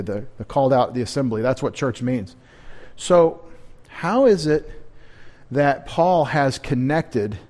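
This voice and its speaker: A man with a mid-range, darkish voice preaches a midweek sermon as pastor. He talks conversationally, posing questions to the congregation and throwing in joking asides.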